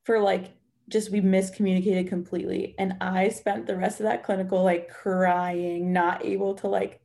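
An earnest young woman in her twenties tells a story from her nursing training, with a lot of "like" in her talk. Her low voice has a gravelly, mellow tone and stays on a flat pitch. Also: moderate pace. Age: 20s. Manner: earnest, heavy use of "like". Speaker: nursing student guest. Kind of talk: casual podcast chat.

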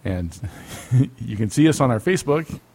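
A man co-hosts a casual podcast with a husky, slightly raspy voice. He jokes around and laughs often. His pitch sits in an ordinary middle range. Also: expressive, moderate pace, darkish tone. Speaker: podcast co-host. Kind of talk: casual chat.

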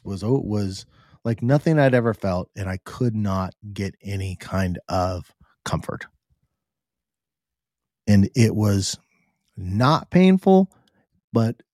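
A middle-aged man hosting a podcast, telling a personal story in an earnest, halting way with frequent restarts. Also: lowish voice, darkish tone, no room sound, clean studio sound. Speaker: podcast host.

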